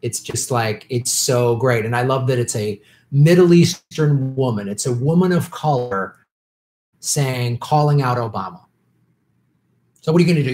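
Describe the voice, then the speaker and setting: A man's voice: mid-range voice, animated, moderate pace, a little mellow. A man hosting a casual live stream, reading viewer questions and answering in an opinionated, heated way with many restarts.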